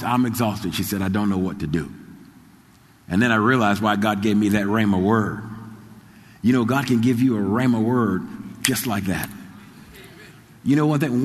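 A man's voice: fairly low pitch, in a large hall, slight background noise. A man preaching a sermon, telling a story with many repeats and stammers. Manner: repeats phrases, stammers, builds to excited shouting. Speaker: pastor.

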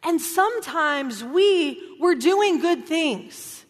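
A woman preaching a sermon in an animated, conversational way, often checking in with "right?". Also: sits high, slow pace. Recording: long hall reverb.

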